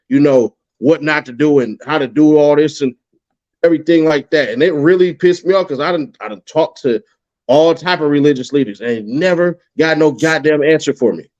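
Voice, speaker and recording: A man with a somewhat high voice rants in an animated, profane way as he hosts a casual talk. The sound is dull and lo-fi. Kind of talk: casual conversation.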